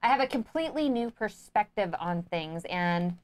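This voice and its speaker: A woman's voice: mid-range voice, normal speed. A woman co-hosting a crowdfunding review show, chatting casually and eagerly about games. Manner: enthusiastic and excitable. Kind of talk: casual chat.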